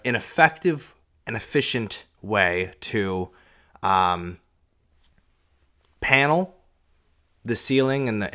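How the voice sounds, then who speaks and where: A man with a fairly low voice hosts his own podcast from his couch at home. He talks casually and rambles, full of fillers, false starts and self-deprecating asides, speaking into a podcast mic with a pop filter. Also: a bit bright, smooth. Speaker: podcast host. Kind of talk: solo casual podcast chat. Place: echoey home room, on a couch.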